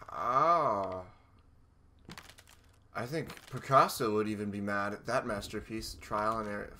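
Male let's-player, dry sarcastic horror commentary, low but bright tone. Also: takes it slowly, slight background noise. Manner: sarcastic, talks to objects in the game. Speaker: let's play gamer.

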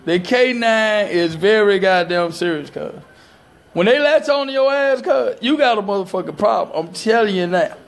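A man with a strikingly high voice. He tells his story in a casual vlog, emphatic and full of swearing, breaking into laughter. It sounds like a phone camera held by a friend. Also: expressive, moderate pace, vocal fry. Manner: profane, emphatic, laughing often. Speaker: storyteller recounting a police dog bite.

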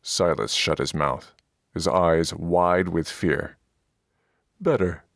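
A man narrating a fantasy audiobook in a measured, deadpan way, close to the microphone. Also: deep voice, creaky, no echo. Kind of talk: scripted narration.

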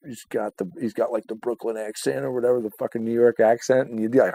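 A man's voice: medium pitch, fairly even intonation, fast, vocal fry, warm tone, breathy edge. A man co-hosting a casual chat, swearing a lot, laughing often and acting out his own reactions. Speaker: podcast co-host.

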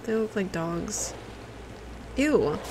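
A woman's voice: medium pitch, lively intonation, extremely slow, background noise. A woman livestreaming a video game, reacting with curses and chatting to her viewers. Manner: profane, reactive, talks to chat. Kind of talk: casual live gameplay commentary.

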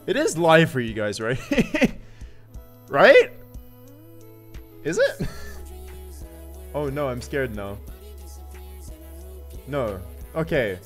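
A man streaming live in casual chat, greeting viewers by name and laughing often as he swings from loud yelps to mumbles. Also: mid-range voice, wildly swooping pitch, slow pace, long pauses. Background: faint looping music.

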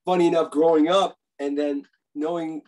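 A man's voice: on the high side, normal speed, low-quality recording. A man, telling stories eagerly as a guest author in a casual interview. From Bronx, New York. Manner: animated, eager storyteller who acts out quotes.

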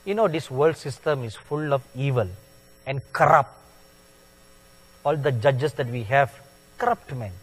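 A man preaching a sermon in a slow, deliberate way, stressing words with sudden loud peaks. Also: mid-range voice. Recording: long hall reverb.

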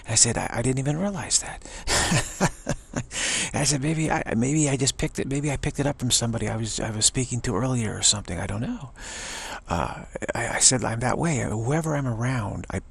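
A man's voice: medium pitch, brisk, gravelly, slightly rough. A man giving an earnest, rambling spiritual monologue to camera, often restarting his sentences. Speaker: spiritual video blogger.

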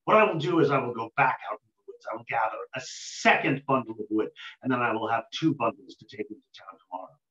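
A man's voice: medium pitch, expressive, fast talker, pushed and bright, pitched below the performer's own voice. A man doing a weary, humble old woodcutter. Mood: worried, resolved. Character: poor weary old male woodcutter, humble and put-upon. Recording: roomy dull lo-fi recording.

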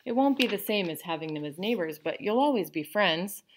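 A woman reading a novel aloud to a class, voicing a stern but loving 1940s father who scolds firmly and then comforts gently. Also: medium pitch, lively intonation, fairly quick, pitched above the performer's own voice, close to an everyday voice. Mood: reassuring.

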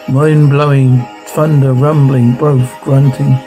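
A man reading a TV episode transcript aloud, listing its sound cues in a flat, steady manner. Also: medium pitch, takes it slowly, hardly any pauses, low-quality recording. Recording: music playing under the voice.

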